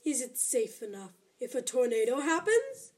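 A woman voicing a creepy announcer in a television commercial, speaking slowly in a low, ominous half-whisper. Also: very animated, darkish tone, slightly rough, exaggerated voice.

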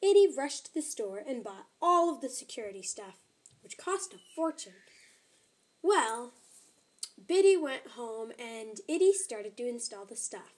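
A woman narrating a children's story in an expressive, animated way. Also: high-pitched.

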